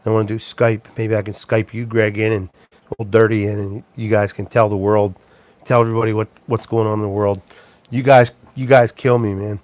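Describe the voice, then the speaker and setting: A man's voice: lowish voice, little pitch movement, brisk, a little mellow, no room sound. A man hosting a casual livestream chat, rambling and chuckling, with plenty of ums and restarts. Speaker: live show host.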